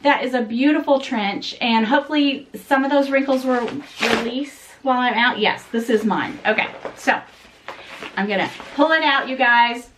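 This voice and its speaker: Exasperated high-voiced woman vlogger. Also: moderate pace, background noise. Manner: animated, exasperated, talks straight to viewers. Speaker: fashion vlogger. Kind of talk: casual unboxing chat to camera.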